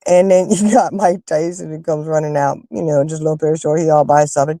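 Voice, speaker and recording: Chatty woman with a low mellow voice. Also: brisk, no room sound. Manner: animated, emphatic storyteller who rants and fusses. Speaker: livestream host chatting with viewers. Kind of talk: casual chat.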